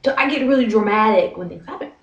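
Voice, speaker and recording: A woman's voice: medium pitch, animated, fast talker, distant mic, muffled recording. A young American woman in her twenties, vlogging casually about her teaching job in a chatty, dramatic way full of fillers. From United States. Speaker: vlogger, English teacher in Korea. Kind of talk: casual talk to camera. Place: small windowless apartment room. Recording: echoey room, away from the mic.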